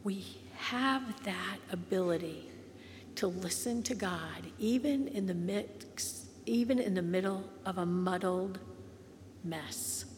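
A woman pastor preaching a sermon slowly and gently, sometimes softening to a near whisper. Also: medium pitch, long reverb tail, slight background noise. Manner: slow, gentle, drops to soft whispers on quoted lines.

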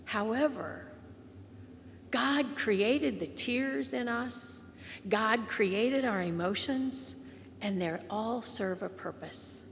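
A woman pastor preaching a sermon slowly and gently, sometimes softening to a near whisper. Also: on the high side, creaky, big-room sound, slight background noise. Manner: slow, gentle, drops to soft whispers on quoted lines.

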